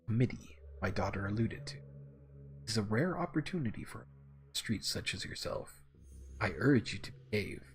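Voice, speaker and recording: A man voicing a cold, formal wealthy patriarch who speaks in stiff, measured sentences. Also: on the low side, lively intonation, a little hiss or hum, voice pushed down, close to an everyday voice.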